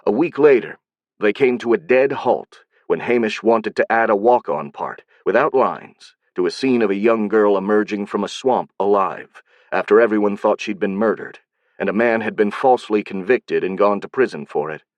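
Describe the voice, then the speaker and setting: A man reading an audiobook in a steady, even scripted narration. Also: on the low side, normal speed, dry recording, muffled recording.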